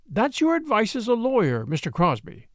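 A man reading an audiobook, voicing a spirited, excitable young woman who gushes and teases sweetly. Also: high voice, moderate pace, dry recording, clean studio sound, pitched above the performer's own voice. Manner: breathless, gushing, sweetly teasing.

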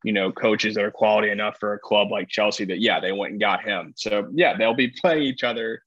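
A man with a fairly low voice talks soccer in an easygoing, rambling way, full of "you know" and restarts. The sound is dry and close, with a slightly dull, muffled top end. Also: fairly quick, a bit bright, breathy edge, no room sound. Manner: rambling, many fillers and restarts. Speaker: podcast co-host, soccer analyst. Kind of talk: casual sports chat.

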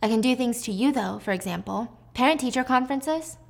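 A woman reading the lines of a calm, cold-blooded female teacher near forty, sounding composed and cutting. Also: a little high, brisk, creaky. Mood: cool.

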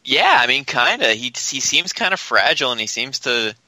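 A man's voice: medium pitch, big pitch swings, moderate pace, bright, forceful tone, dry recording, poor audio. A man co-hosting a podcast in casual sports chat, upbeat and hedging his points. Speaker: podcast co-host.

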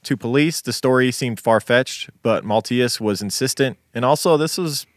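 A man's voice: medium pitch, moderate pace, no echo. A man co-hosting a true crime podcast, telling the case story in a laid-back, casual way and swearing now and then. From Las Vegas. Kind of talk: casual chat and case narration.

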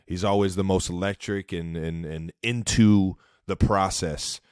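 Man, very low voice, laid-back, casual podcast chat, dry sound. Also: fairly even intonation, measured pace, a little mellow, clean tone, no echo. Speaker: podcast co-host.

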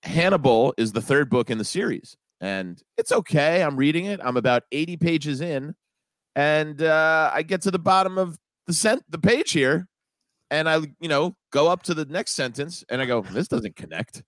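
A man chatting casually and telling stories, getting over being sick, animated, jumping up in pitch when he quotes people. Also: moderate pace, no echo. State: recovering from illness. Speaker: podcast co-host. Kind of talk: casual chat.

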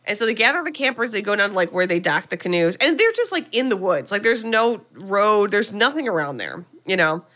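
A woman co-host recapping a slasher film for laughs, bright and forward in tone. She jumps into quick character voices and swears casually. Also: medium pitch, big pitch swings. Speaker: podcast co-host.

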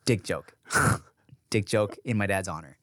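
A man in his thirties co-hosting a casual podcast, animated and joking, slipping into voices when he retells stories. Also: unhurried, dry recording, studio quality. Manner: animated, acts out his daughter's lines in a high voice. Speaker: podcast co-host.

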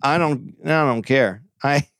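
A man co-hosting a casual comedy podcast, rambling and joking in quick asides. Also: medium pitch, a bit bright, dry recording, clean studio sound. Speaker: podcast co-host.

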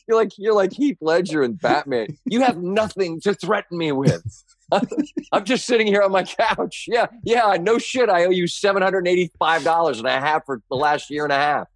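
A middle-aged male sports broadcaster, appearing as a podcast guest, laughs and riffs playfully on the host's stories in a casual chat. His voice sits high with lively intonation at a moderate pace, and the recording is dry.

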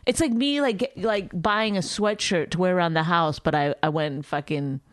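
A woman's voice: fairly low pitch, normal speed, dry recording. A woman with a New York accent co-hosting a podcast, teasing and incredulous, swearing freely in casual banter. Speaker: podcast co-host.

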